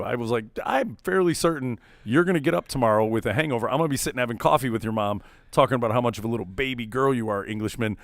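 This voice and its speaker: Animated man telling a bar story. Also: mid-range voice, quick pace, hardly any pauses, no room sound. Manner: animated, acts out quotes loudly. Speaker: podcast co-host. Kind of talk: casual storytelling chat.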